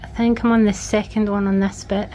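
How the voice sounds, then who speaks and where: A woman's voice: mid-range voice, level tone, brisk, mellow, a little hiss or hum. A Scottish woman chatting casually and frankly as she redecorates her small home for a vlog. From Scotland. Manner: chatty, frank, self-deprecating. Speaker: vlogger. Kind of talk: casual vlog chat while working. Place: small house, indoors, redecorating.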